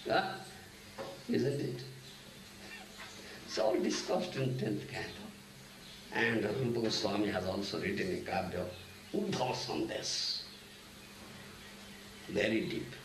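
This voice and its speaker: A man's voice: fairly low pitch, takes it slowly, pauses often. An older man gives a devotional lecture, often asking "Huh?" and "Isn't it?" and chanting Sanskrit verses. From India. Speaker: spiritual teacher. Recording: echoey room, mic at a distance, faint hiss.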